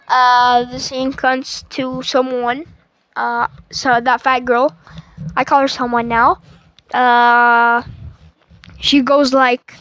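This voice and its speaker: Woman reviewer, unhurried casual plot recap, trips over words often. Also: high voice, a bit bright, dry recording, poor audio. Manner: stuttering, restarts, filler-heavy. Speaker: movie reviewer.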